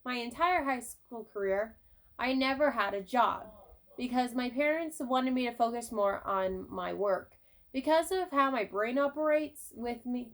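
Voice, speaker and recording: A young woman vlogger telling personal stories in a casual, animated way, swearing now and then. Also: high-pitched. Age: young adult. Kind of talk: casual storytelling vlog.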